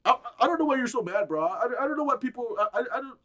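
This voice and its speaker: A man's voice: very high-pitched, lively intonation, very fast, sharp tone, pitched above the performer's own voice, heavily acted. A man putting on a whiny, stammering male podcaster playing innocent. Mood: defensive.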